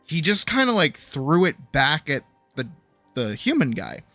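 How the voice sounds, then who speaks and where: A higher, bright-toned man chatting on stream in a dry, close sound with faint music behind. He tells the story in an animated, profane and loose way. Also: measured pace, no room sound. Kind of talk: casual chat.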